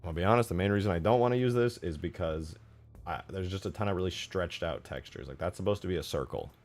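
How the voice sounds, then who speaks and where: Male streamer, low-pitched, laid-back chatty narration over soft background music. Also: fast talker. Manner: relaxed, self-correcting, rambling. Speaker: modding streamer. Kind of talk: casual commentary while modding.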